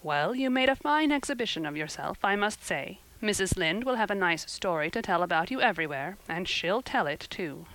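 A woman's voice: lowish voice, lively intonation, a little fast, hardly any pauses, fairly bright tone, slight background noise, low-quality recording. A woman reading an audiobook, voicing a stern, dry-witted middle-aged guardian woman who speaks in a dry, reproving way.

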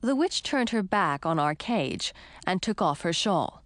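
A woman narrating a children's fantasy audiobook in first person, with expressive storytelling. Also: on the low side, measured pace, no echo.

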